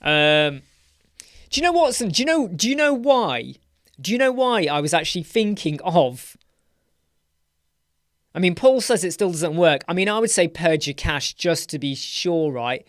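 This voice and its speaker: A man's voice: on the high side, very animated, unhurried, no room sound, studio quality. A man hosting a live web design Q&A, chatting casually, rambling and laughing as he answers viewer questions. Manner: chatty, rambling, laughs often, puts on mocking voices.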